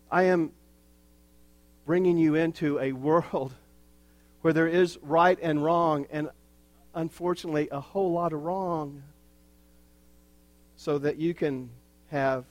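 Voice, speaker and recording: Man preaching slow and earnest, slightly high voice, dry close mic, cracks wry little jokes. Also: steady tone, no room sound. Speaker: pastor. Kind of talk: sermon.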